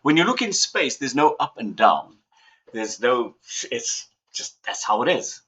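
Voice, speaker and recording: With big pitch swings and an unhurried pace, a man from southern Africa hosts a relaxed livestream from home. His mid-range, slightly bright voice has a breathy edge as he rambles and chuckles with theatrical flair.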